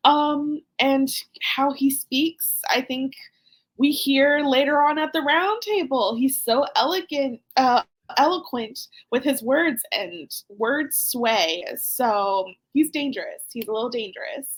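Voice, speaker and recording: A high-voiced woman hosts a podcast in a loose, chatty way. She talks with lively energy and breaks into laughter often. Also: slow. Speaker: podcast host. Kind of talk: casual recap chat.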